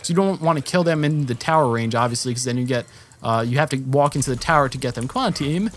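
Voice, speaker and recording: A man's voice: mid-range voice, fast talker. A young man giving rambling, casual commentary over his own gameplay, correcting himself often and jumping up when the action picks up. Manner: rambling, self-correcting, jumps up in excitement at action.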